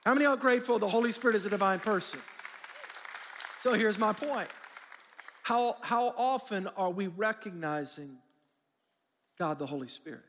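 A man pastor preaching a sermon with lively call-and-response, prompting the congregation to repeat key words. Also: high voice, normal speed, long pauses, a faint crowd, a little hiss or hum. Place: large church auditorium. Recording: long hall reverb.

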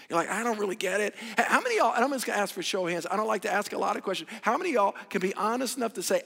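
Male pastor preaching, high voice, bright gravelly tone, echoey church hall, animated call-and-response. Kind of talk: sermon.

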